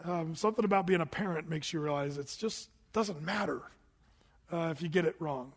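A middle-aged male pastor with a fairly high voice delivers an animated, storytelling sermon. His words ring out in a large church hall with a long reverb tail. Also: brisk.

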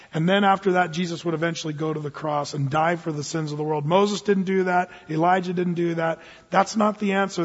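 Animated high-voiced preacher in a hall. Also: male voice, slightly rough. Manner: animated, acts out Bible figures in quick asides. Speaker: pastor. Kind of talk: sermon. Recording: lo-fi sound in a hall with long reverb.

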